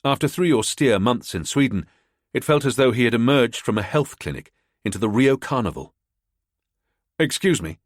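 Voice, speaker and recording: A man narrating a spy thriller audiobook in a measured storytelling manner, close to the mic. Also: medium pitch, animated, dry recording. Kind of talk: scripted narration.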